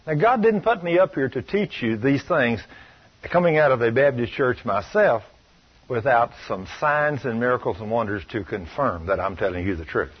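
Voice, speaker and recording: A man's voice: mid-range voice, animated, moderate pace, slightly rough. A man preaching a sermon at a healing school, telling stories in a folksy, emphatic and insistent way. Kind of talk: sermon with retold anecdote. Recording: muffled lo-fi recording.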